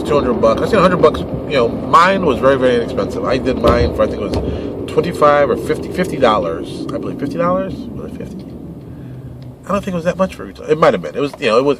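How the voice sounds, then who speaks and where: A man talks through a casual monologue with animated exasperation and slips into short mock dialogues. His voice sits a bit high. Clear traffic and street noise run behind him outdoors. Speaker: podcast host and game publisher.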